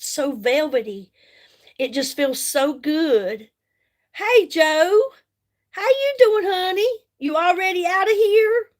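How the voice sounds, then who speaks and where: A middle-aged woman, chatting casually on a live stream while doing her makeup, folksy and greeting viewers by name. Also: sits high. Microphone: phone.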